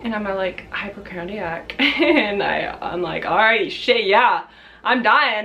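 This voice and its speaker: A young woman vlogger telling a casual storytime, chatty with lots of fillers, acting out quotes in shrill high voices. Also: expressive, slow pace, sharp tone.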